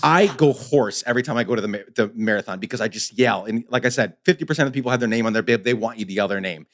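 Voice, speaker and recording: A man's voice: mid-range voice, racing, a bit bright. A man hosting a podcast who speaks with passion and urgency, pressing his points emphatically. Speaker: podcast host. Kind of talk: casual conversation.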